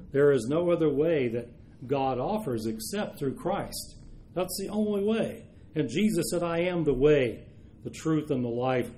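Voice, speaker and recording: A man preaching a sermon, reading scripture aloud and explaining it, slowing down to stress key verses. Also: on the high side, dark tone. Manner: measured, slows for emphasis on key verses.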